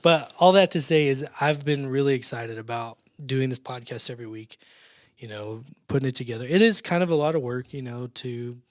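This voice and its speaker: A man co-hosting a church podcast in a casual chat, talking haltingly with many restarts and repeated words. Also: mid-range voice, dry recording, clean studio sound. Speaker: podcast co-host.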